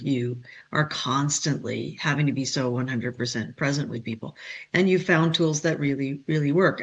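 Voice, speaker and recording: A woman's voice: very deep voice, husky. A woman hosting an interview show, effusive and full of praise for her guest. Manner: effusive, warmly praising, affirming. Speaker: show host.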